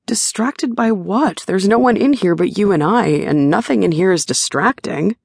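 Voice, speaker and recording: A woman's voice: mid-range voice, animated, moderate pace, creaky, darkish tone, slightly rough, no echo, studio quality. A woman reading the part of a young man, a worried and teasing sparring partner, in an audiobook. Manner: caring, teasing.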